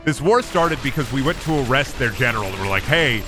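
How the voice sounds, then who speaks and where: A man's voice: mid-range voice, animated, fast talker, over music. A man streaming a game, riffing in jokey, profane rambles as casual commentary. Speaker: gaming streamer.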